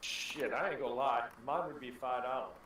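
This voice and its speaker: A man's voice: medium pitch, normal speed, fairly bright tone, a little hiss or hum. A man with a laid-back, wry manner chatting during a group game session. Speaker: co-player friend. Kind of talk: casual gaming voice chat. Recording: distant, roomy voice chat.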